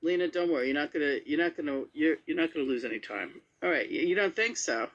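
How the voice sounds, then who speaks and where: Casual, blunt joker with a lively pitch. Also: quick pace, muffled recording. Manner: blunt and joking, with swearing. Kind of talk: casual chat.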